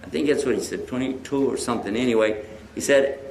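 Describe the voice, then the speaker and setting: A man's voice: medium pitch, fast, darkish tone. A man preaching to a live audience, telling a story and acting out both sides of the conversation. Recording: echoey hall with faint noise.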